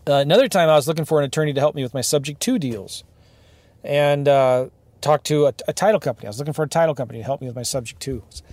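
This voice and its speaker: A man hosting a podcast from his car, ranting in an animated way and firing off rhetorical questions to his listeners. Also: on the high side, quick pace, dry recording. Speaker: podcast host, real estate investing coach. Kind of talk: ranting monologue.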